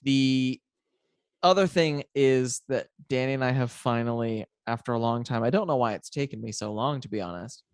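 A man's voice: medium pitch, normal speed, smooth, no echo, clean studio sound. A man co-hosting a podcast, chatting casually and with enthusiasm, often restarting his sentences. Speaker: podcast co-host. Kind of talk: casual chat.

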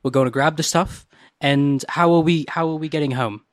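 A man chatting as a player in a tabletop role-play game, with halting restarts and incredulous questions. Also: on the high side, no echo, clean studio sound. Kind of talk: casual role-play chat.

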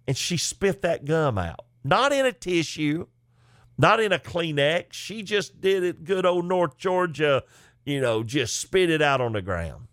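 A man's voice: fairly high pitch, big pitch swings, measured pace, fairly bright tone, no echo, clean studio sound. A man, a comedian telling a funny story in a folksy, chatty way. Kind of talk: comic storytelling.

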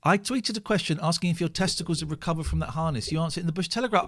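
A man streaming live, reacting to a clip of himself with mocking commentary and hushed asides. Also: fairly high pitch, rapid-fire, few pauses. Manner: animated and mocking, drops to a hushed inner voice.

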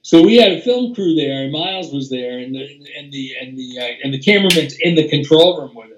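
A man's voice: on the high side, expressive, a little fast, background noise. An older man, a music producer, telling casual anecdotes as an interview guest, rambling with restarts, fillers and swearing. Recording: roomy echo.

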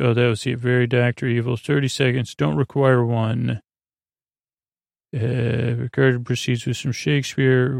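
A man with a gravelly, creaky voice loosely recaps a story in casual chat, stumbling and filling pauses as he goes. His delivery stays flat and even, recorded close on a dry mic. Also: medium pitch, dry recording. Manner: loose, halting, many fillers, quotes characters in plain voice. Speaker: podcast host recapping an episode.

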